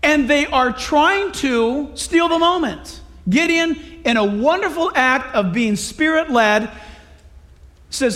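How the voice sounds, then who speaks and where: Male pastor, very high voice, lively and joking, conversational sermon delivery. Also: slow pace. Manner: lively, conversational, humorous preaching.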